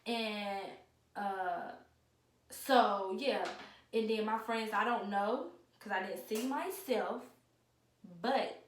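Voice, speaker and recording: Young woman, lively storyteller who acts out quoted voices, recorded a little off-mic with faint noise. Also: medium pitch, recorded from a distance. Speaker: vlogger. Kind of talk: casual storytime. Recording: echoey room, away from the mic, faint noise.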